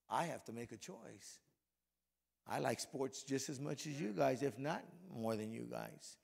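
A middle-aged man preaching to a men's breakfast with a voice worn hoarse from yelling, conversational and then fervent in prayer. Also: mid-range voice. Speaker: pastor.

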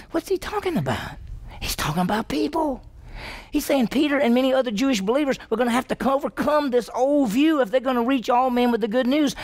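A man's voice: very high-pitched, darkish tone. A male pastor, preaching a conversational sermon in a folksy, down-home way, retelling scripture scenes in his own words. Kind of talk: expository sermon with acted-out retellings.

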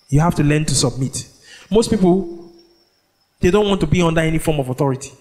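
A man preaching a sermon, leading the congregation in call-and-response and drawing out scripture phrases slowly. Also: fairly high pitch. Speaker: pastor. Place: church.

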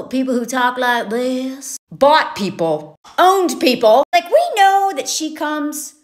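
A woman from the American South giving sarcastic, animated commentary and acting out characters' lines. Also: a little high. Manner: animated, sarcastic, quoting characters in exaggerated voices. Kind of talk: casual commentary.

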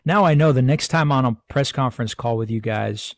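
A man's voice: medium pitch, fairly quick, no echo, studio quality. A man hosting a podcast interview, enthusiastic and chummy, calling his guest "man" and "dude". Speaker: podcast host. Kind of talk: casual interview chat.

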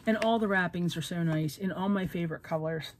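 A middle-aged woman casually chatting at home as she opens craft mail, gushing and jumping to squealing highs when excited. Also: a little fast, a little hiss or hum. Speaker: craft vlogger opening friend mail. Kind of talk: casual chat.

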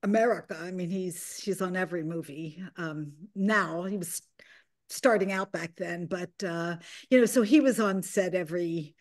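A woman's voice: on the low side, moderate pace. An older woman, a film director, answering interview questions in a meandering, reflective way, full of fillers and restarts.

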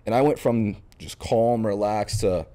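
This young Florida man speaks at a fairly low, unhurried pitch. He's a podcast guest and baseball catcher, telling stories in a casual interview as an animated storyteller who acts out the lines he quotes.

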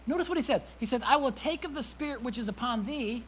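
A man preaching a sermon as pastor. He reads scripture aloud, calls out to the congregation for responses, and swings from hushed whispers to loud emphasis. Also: very high voice, lively intonation, fast talker, a little hiss or hum, poor audio. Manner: reads scripture in old-fashioned wording.

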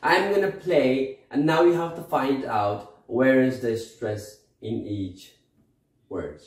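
Guy teaching slowly, keeps asking okay? right?, echoey room. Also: medium pitch. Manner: slow explanatory teaching, frequent "okay?" and "right?" checks. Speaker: English teacher. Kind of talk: recorded online English lesson.

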